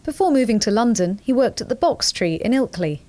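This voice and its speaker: A woman reporter reading a scripted news report voice-over. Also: fairly high pitch. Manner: lively, measured narration.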